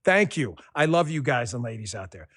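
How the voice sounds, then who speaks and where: A man's voice: mid-range voice, very animated, brisk, husky. Combative man hosting a podcast. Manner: combative, mocking, shouts insults then drops to muttered asides. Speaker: podcast host. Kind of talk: political commentary.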